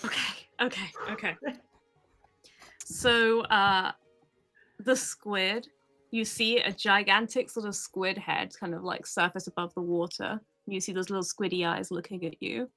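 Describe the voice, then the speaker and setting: A woman's voice: medium pitch, steady tone, a little slow, bright, forceful tone, soft background music. A woman narrating a tabletop role-playing game as game master, playful and laughing often.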